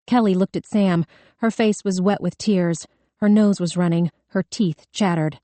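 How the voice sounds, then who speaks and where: Woman with a low, mellow narrating voice. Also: fairly even intonation, measured pace, no room sound. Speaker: audiobook narrator. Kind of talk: scripted narration.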